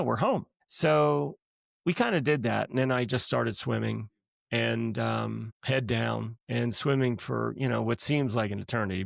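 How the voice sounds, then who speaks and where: A middle-aged man, a guest on his wife's podcast, telling a personal story in a casual, lively way and acting out what people said. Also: medium pitch, creaky, no room sound, clean studio sound. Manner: lively storyteller who acts out quotes. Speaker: guest, the host's husband.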